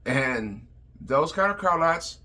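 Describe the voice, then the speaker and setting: A man's voice: on the high side, animated, slow pace, pushed and bright. A car salesman talking through buying advice in a plain, repetitive way with lots of fillers. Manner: plain-spoken, repeats words, many fillers. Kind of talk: advice vlog talk.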